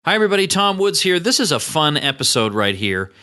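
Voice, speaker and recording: A man hosting a podcast interview, talking in an energetic, chatty way with quick asides. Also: a little high. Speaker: podcast host. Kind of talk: casual interview.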